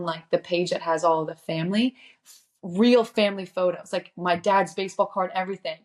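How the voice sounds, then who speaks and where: A young woman from Indiana talks as a podcast guest, with a slightly low voice. She tells her story in a chatty, upbeat way. It is relaxed interview talk. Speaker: guest, children's book author.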